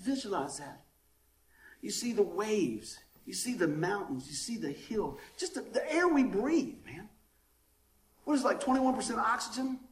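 High-pitched pastor guy, folksy and fired up, echoey church. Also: moderate pace. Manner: animated preaching with call-and-response "amen"; folksy, down-home phrasing. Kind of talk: sermon. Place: church sanctuary.

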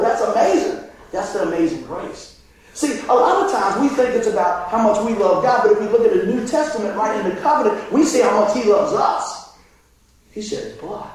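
Male pastor, sermon storyteller, animated with shouts; very high voice, big echo. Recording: very echoey hall, distant mic, faint noise.

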